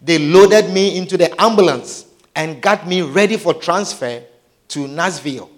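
A man telling a dramatic personal testimony, his delivery swinging between hushed and shouted. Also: on the high side, measured pace.

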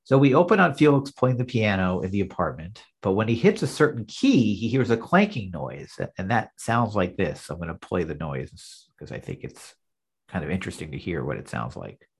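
Husky-voiced man recapping a sitcom. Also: low-pitched, sing-song, normal speed. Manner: narrates scenes, acting out the lines. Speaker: podcast co-host. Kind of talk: casual chat recapping an episode.

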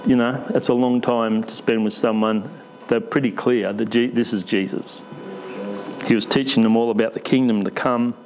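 A man's voice: medium pitch, fairly even intonation, normal speed, a little mellow, a little hiss or hum, low-quality recording. A man preaching a conversational sermon in church, asking the congregation questions with light humour.

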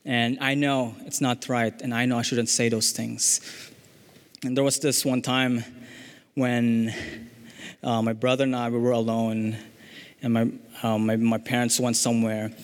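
A young man sharing a personal testimony in church, speaking earnestly and haltingly with fillers and restarts. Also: medium pitch, big-room sound.

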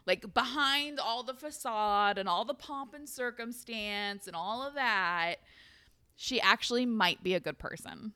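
A woman's voice: a little high, a little slow, sharp tone, clear, resonant tone, no echo. A young woman recapping a book's plot in casual chat, with sarcastic asides and frequent laughter. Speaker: podcast co-host recapping a book.

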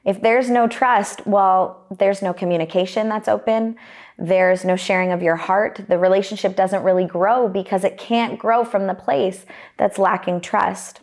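A woman's voice: medium pitch, fairly even intonation, measured pace, darkish tone. A young adult woman preaching a sermon in an earnest, personal way, telling stories from her own life and often restarting her phrases.

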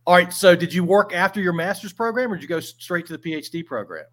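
A man's voice: high voice, a bit bright. Male podcast host asking questions. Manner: casual, halting questions. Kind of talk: interview questions.

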